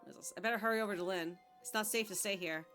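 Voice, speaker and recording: A woman voicing a calm male ghost in a video game, quiet and thoughtful, musing to himself. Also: medium pitch, racing, faint music behind, close to an everyday voice. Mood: uneasy. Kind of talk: reading game dialogue aloud.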